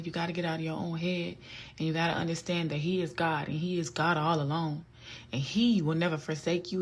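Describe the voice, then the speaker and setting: A woman vlogger giving a casual, earnest faith talk that often repeats her points and turns preachy. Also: lowish voice.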